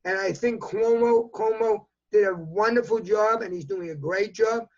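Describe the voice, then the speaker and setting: A man's voice: high voice, moderate pace. A man in his eighties with a New York accent, speaking emphatically as a news interview guest over a video call. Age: 80s. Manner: emphatic, repetitive, talks in bursts. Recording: dull lo-fi video call audio.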